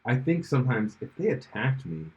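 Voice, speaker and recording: A man's voice: mid-range voice, big pitch swings, moderate pace, darkish tone, highs cut off. A man co-hosting a podcast in casual chat, rambling with lots of fillers and restarts and laughing often. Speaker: podcast co-host.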